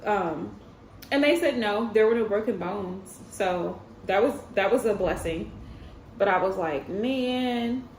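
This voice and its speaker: A woman in her thirties livestreams as a tarot reader, chatting straight to her viewers as she tells a story and laughs often. Her voice sits at a medium pitch and moves unhurriedly, with a little hiss or hum underneath. The room gives it a roomy echo and faint ambience.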